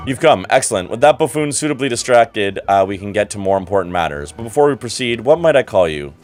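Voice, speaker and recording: A man's voice: fairly low pitch, animated, fast, darkish tone, faint music behind, natural voice. A man reading aloud as a haughty, condescending male investigator from a game, in a formal, cool and superior manner.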